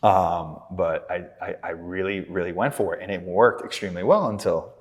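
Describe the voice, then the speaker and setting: A man with a lowish voice tells loose, self-mocking stories in a relaxed interview. He is a clinic director talking as a podcast guest. His voice rings out with a lingering reverb from the room. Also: moderate pace. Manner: rambling, self-deprecating storyteller. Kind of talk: casual interview chat.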